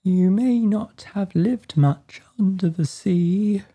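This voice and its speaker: A woman voicing a melancholy, tearful male mock turtle who speaks slowly and mournfully in a storybook reading. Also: medium pitch, warm tone, breathy edge. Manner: slow, mournful, drawn out.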